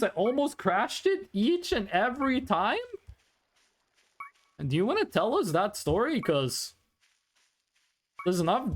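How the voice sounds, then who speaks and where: Male streamer, high animated voice, rambling chat banter, faint background hiss. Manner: rambling, reads chat aloud, frequent ums. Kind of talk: casual live-stream chat.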